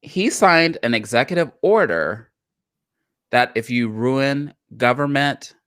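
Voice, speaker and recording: Emphatic woman co-host, lively pitch. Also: slow pace, no room sound, clean studio sound. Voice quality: emphatic, repeats phrases for effect. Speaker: podcast co-host. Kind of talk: casual political chat.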